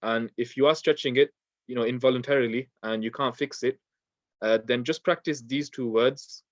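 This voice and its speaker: A man's voice: medium pitch, no room sound. Guy teaching quran recitation, patient, lots of um and uh, dry dull lo-fi sound. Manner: patient, repeats words slowly for practice, many fillers. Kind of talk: recorded online lesson, explaining pronunciation.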